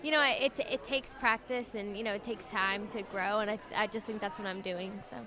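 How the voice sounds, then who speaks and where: A woman's voice: medium pitch, fairly even intonation, moderate pace. Shy young Englishwoman, crowd behind. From England. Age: young adult. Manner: shy, soft-spoken, trails off with many fillers. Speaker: singing contestant guest. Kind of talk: casual radio interview answers. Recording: crowd chatter at a busy event. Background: event crowd.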